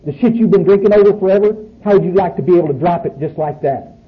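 A man's voice: sits high, quick pace. A man, speaking bluntly and profanely to a room full of people at a recovery meeting. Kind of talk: speaking to an audience. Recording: muffled recording with faint noise.

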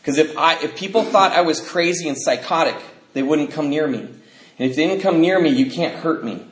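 A man's voice: a little high, moderate pace, roomy sound, rough recording. A man sharing a personal testimony, telling the story of his life candidly, with fillers and nervous laughs.

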